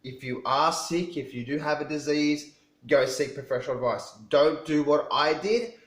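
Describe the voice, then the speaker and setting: A man's voice: on the high side, normal speed. Rambling man in an echoey room. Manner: rambling, with frequent restarts and repeats. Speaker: vlogger telling his own story. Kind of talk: casual personal storytelling to camera.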